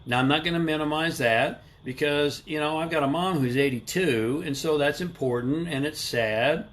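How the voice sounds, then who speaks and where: A man's voice: a little high, moderate pace, a bit bright. Emphatic middle-aged man on a livestream. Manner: emphatic, rhetorical questions, greets viewers by name. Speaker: livestream host. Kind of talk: motivational livestream talk. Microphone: live stream camera mic.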